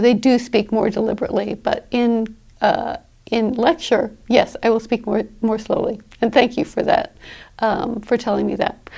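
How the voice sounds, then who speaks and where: A woman teaching pronunciation in an online lesson, explaining things deliberately with the occasional filler. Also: on the high side, gravelly, darkish tone.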